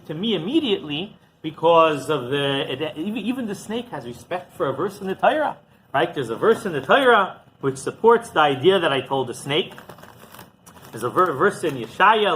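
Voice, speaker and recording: A rabbi with a high, bright voice tells a story to his listeners, and his pitch swings widely as he acts out each exchange. A faint ambience sits behind him. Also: slight background noise, rough recording. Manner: animated storyteller, acting out dialogue. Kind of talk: storytelling lesson.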